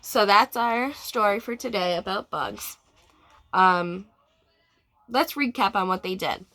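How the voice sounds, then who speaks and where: A woman, a preschool teacher, reading a storybook aloud to children in an expressive way and asking them questions. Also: medium pitch, slow.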